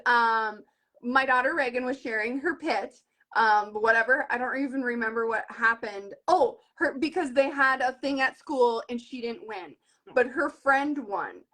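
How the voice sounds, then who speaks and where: Woman, 30s, high voice, sales team leader; earnest, animated storyteller. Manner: earnest and animated, retells conversations in lively voices. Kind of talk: live video conversation.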